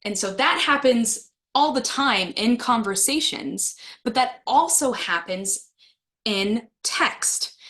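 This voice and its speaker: A woman presenting a webinar for teachers, talking casually and friendly, reacting to comments from the chat. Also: fairly high pitch. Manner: friendly, laughs with the chat, reads comments aloud. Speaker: webinar presenter for adult educators.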